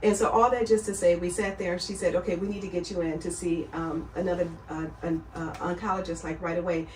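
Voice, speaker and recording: Middle-aged woman guest, earnest and lively, recorded in an echoey room at a distance. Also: lowish voice, fast talker, a little hiss or hum. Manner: earnest storytelling, animated when quoting others. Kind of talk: casual chat. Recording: roomy sound, far from the mic.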